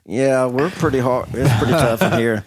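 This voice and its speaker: A man's voice: mid-range voice, normal speed, crowd noise. A man hosting a podcast, joking, laughing often and tripping over his words. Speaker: podcast host. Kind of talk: casual chat. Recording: loud background hiss.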